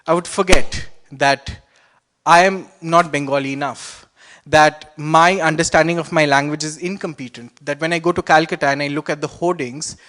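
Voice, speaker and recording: A man's voice: a little high, a bit bright. Reflective Indian-accented young man storyteller. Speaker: student storyteller. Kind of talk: personal storytelling on stage.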